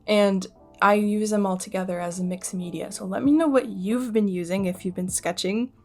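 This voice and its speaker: A woman's voice: medium pitch, normal speed, darkish tone. A young woman with a Canadian accent, chatting casually about art supplies in a rambling vlog, with many fillers. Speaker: art vlogger. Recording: faint music behind voice.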